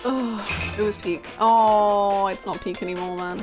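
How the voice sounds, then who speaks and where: A young British woman streaming a game and chatting with viewers, telling stories in an animated, laughing way. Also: mid-range voice, a little slow, music in the background. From United Kingdom. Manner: animated, laughing storytelling, reading chat aloud. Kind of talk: casual live-stream chat with viewers.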